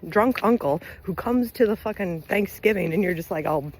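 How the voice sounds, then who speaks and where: A Southern-accented woman vlogging to camera, her voice pitched in an ordinary middle range. She keeps breaking into laughter, swears freely and leans hard on certain words for punch. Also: expressive, moderate pace, darkish tone, slight background noise. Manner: laughing often, blunt and profane, bursts of emphasis. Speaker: LGBTQ resource center director and Army veteran. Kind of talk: casual direct-to-camera rant.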